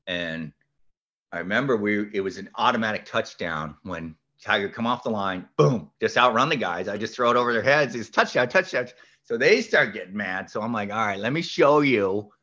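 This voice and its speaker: A man spins an animated story as a podcast guest, his pitch leaping around as he acts out each voice and shouts the big moments. His voice is bright and ringing, though the recording sounds dull and lo-fi. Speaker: podcast guest, golf instructor.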